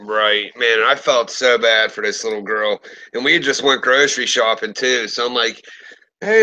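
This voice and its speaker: A man in his thirties tells a story in loose, casual conversation. His voice is bright and forceful, and his speech is full of profanity. He acts out the lines of each person he quotes. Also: medium pitch, fairly even intonation, normal speed, low-quality recording. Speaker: podcast host.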